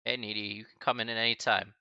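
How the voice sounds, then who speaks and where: Guy saying bye to his class on stream, gravelly low voice, kinda choked up, talks like a buddy, bright edge, muffled dry mic. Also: flat delivery, dry recording. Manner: halting and choked up, many restarts and sighs; casual, friendly, calls listeners buddy and man. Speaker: math professor streaming a class. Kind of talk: emotional farewell talk to a live stream chat.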